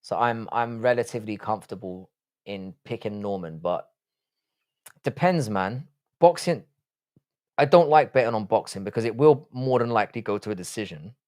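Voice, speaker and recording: A man's voice: lowish voice, moderate pace, a little mellow. A man hosting a casual live stream, reading chat aloud and answering in a blunt, profane way.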